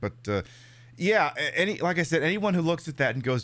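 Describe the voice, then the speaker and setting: A man with a high, bright voice chats through a game stream. He swings his pitch widely and keeps a sarcastic, cursing edge throughout. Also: a little fast. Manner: sarcastic, profane and animated. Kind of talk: casual live-stream chat.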